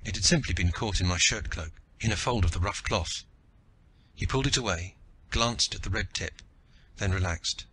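A man narrating an audiobook in the first person with steady, forceful storytelling. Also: on the low side, moderate pace, slightly rough.

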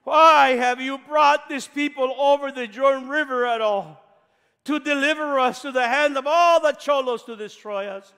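A man voicing an anguished male leader who cries out to God in loud, pleading wails, in a reverberant church. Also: very high-pitched, normal speed, voice pushed up, exaggerated voice. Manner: wailing, pleading.

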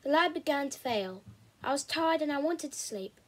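A woman reading a novel aloud chapter by chapter, in a steady, measured storybook way. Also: sits high, rough recording. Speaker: reader.

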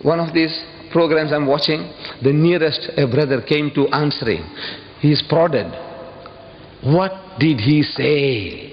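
A man giving a public lecture in an animated, emphatic way, pressing his audience with rhetorical questions. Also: fairly high pitch, slow pace. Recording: dull lo-fi archive recording in a reverberant hall.

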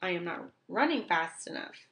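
Storybook owl, gentle and simple, earnest and childlike, read by a woman. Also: fairly low pitch, lively intonation, normal speed.

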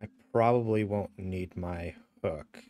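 A man's voice: low voice, takes it slowly, dark tone, faint music behind. A young man from upstate New York, chatting casually as he streams a game and reads signs aloud. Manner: chatty, narrates what he reads and does. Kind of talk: casual gameplay chat.

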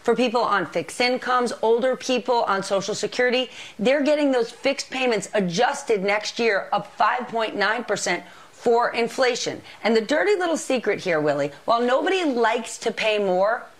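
Brisk woman news anchor, higher pitch. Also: expressive. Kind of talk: television news segment.

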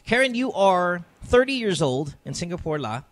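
A man's voice: sits high, sing-song, moderate pace, fairly bright tone, no echo. A man hosting a podcast in casual chat, brash and joking, cursing freely, speaking American-accented English. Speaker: podcast host.

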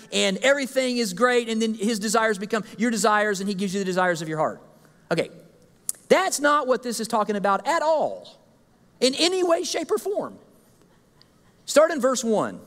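Animated high-voiced male preacher. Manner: animated, jokey, acts out listeners' complaints. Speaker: guest speaker. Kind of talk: sermon. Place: church sanctuary. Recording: reverberant church hall.

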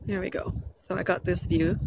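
A woman's voice: fairly low pitch, level tone, moderate pace, creaky. A woman chatting casually to her camera while walking and jogging outdoors in a park, a little out of breath, rambling and correcting herself. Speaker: vlogger. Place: outdoors in a park by a river bridge. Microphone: handheld camera. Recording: noisy outdoor camera audio.

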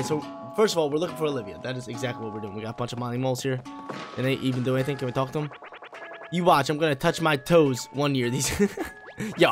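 Young guy kinda hoarse, chill slangy game commentary, faint music behind. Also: medium pitch. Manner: laid-back, slangy, excitable bursts. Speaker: gameplay commentator. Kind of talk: casual gameplay commentary.

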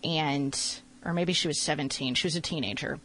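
A woman's voice: low voice, fairly quick, a bit bright, low-quality recording. Attentive woman hosting an interview. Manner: attentive, gives short affirmations. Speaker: interview host. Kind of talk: conversational interview.

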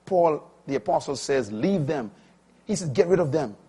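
An older man preaching a sermon, telling stories conversationally and then rising sharply in pitch and volume for emphasis. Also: lively intonation, normal speed, slightly rough. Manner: preaching with sudden rises in pitch and loudness; storytelling, conversational between emphatic peaks. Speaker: pastor.

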